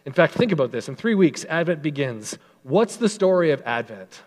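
A man's voice: a little high, very animated. Earnest male pastor preaching in a hall. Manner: earnest, emphatic preaching that slows and softens for scripture. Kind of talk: sermon.

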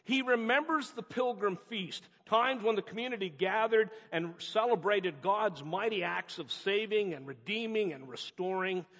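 Preacher, male, high and husky, earnest emphatic delivery; dull recording with long church reverb. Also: bright, forceful tone. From North America. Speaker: pastor. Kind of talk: sermon.

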